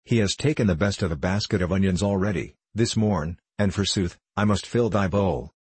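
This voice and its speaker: A man's voice: low-pitched, moderate pace, breathy edge, dry recording. A man voicing a scolding market woman. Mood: fretful. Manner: sharp, complaining. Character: fretful scolding female vegetable seller. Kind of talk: audiobook character reading.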